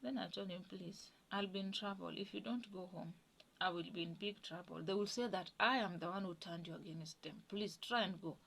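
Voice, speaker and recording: A woman telling a personal story in a casual, chatty way, acting out other people's lines in a higher voice. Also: moderate pace, creaky, fairly bright tone. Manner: acts out others' lines in a raised pitch.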